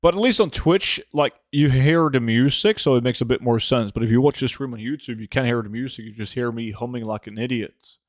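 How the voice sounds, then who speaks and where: A man's voice: mid-range voice, a little fast, few pauses, no echo, clean studio sound. A man, a game streamer chatting casually and reading his chat aloud in a laid-back way full of fillers. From Norway.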